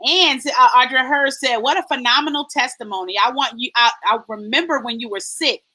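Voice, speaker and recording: A woman hosting a faith-based live stream, reading out viewer comments with lively, sing-song greetings. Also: sits high, fairly quick, poor audio. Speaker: host.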